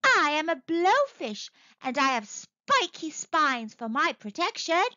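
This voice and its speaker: A woman doing a boastful squeaky blowfish. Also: sing-song, slow, sharp tone, no echo, exaggerated voice. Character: spiky male blowfish, proud and boastful. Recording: dull, slightly lo-fi, dry.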